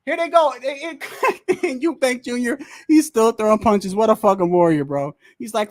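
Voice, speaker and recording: Man, high-pitched streamer voice, profane fight reactions, frustrated and animated. Says "bro" a lot. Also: normal speed. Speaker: livestream host watching a boxing match. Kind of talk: excited live reaction commentary.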